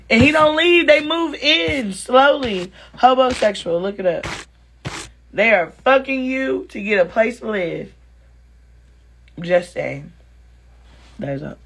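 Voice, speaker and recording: A woman with a lowish, gravelly voice and a breathy edge hosts a casual livestream, chatting with viewers. She talks frankly and energetically, swears freely, and reads comments aloud as she responds to them.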